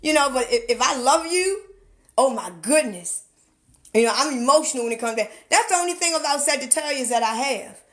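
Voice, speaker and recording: A young woman, chatting casually on a phone livestream, telling stories loudly and emphatically. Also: high-pitched, fairly quick. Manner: animated, loud storytelling with laughter, emphatic repetition. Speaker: TikTok live streamer. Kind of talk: casual livestream storytelling and musing. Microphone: phone camera.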